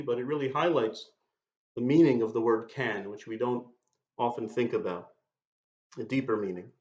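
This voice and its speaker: A man's voice: mid-range voice, moderate pace, pauses often, a little mellow. Man, sermon, explanatory teaching delivery, muffled sound, echoey room. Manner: explanatory, quotes and translates Hebrew verses. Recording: dull, roomy recording.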